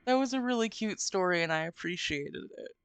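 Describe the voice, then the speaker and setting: A woman's voice: fairly low pitch, animated, brisk, clear, resonant tone, dry recording. A woman hosting a casual live stream, giggly and effusive. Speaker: streamer host.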